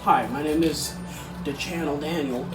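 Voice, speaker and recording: A man's voice: fairly high pitch, fairly even intonation, moderate pace, reverberant, over music, rough recording. A young man vlogging at home, rambling with silly jokes and frequent giggles. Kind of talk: goofy casual vlog. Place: home during a storm.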